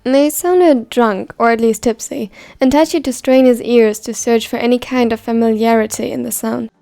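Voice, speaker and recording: A woman narrating a fan story in an even, measured reading voice. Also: a little high, gravelly, faint music behind.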